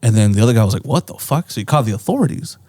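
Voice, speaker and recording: A man's voice: medium pitch, animated, very fast, mellow, dry recording. A man co-hosting a podcast, casually retelling a story in a rambling way with lots of swearing and "right?" tags. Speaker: podcast co-host. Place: indoor podcast studio.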